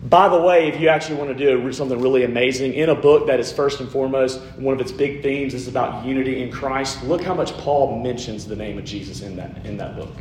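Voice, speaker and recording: A man's voice: medium pitch, a little mellow, roomy sound, a little hiss or hum. A man, a pastor, preaching a sermon with emphatic repetition and rhetorical lists.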